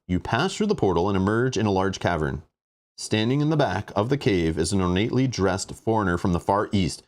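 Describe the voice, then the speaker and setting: A man's voice: fairly low pitch, darkish tone. A man hosting a board game playthrough, reading rules aloud and rambling with exasperation about them. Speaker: host playing a board game.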